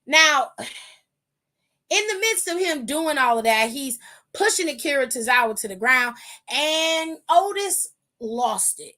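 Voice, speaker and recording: A woman hosts a podcast in a high, bright voice, recapping the night's show in a loose, chatty way. She is blunt and swears freely, tossing in sassy asides and playful jabs. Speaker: podcast host. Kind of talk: casual wrestling recap.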